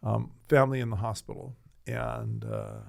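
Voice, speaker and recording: A middle-aged man, a hospital chaplaincy director, telling a story in an earnest, animated conversational way. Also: fairly low pitch, normal speed, vocal fry. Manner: earnest, animated storyteller who voices others.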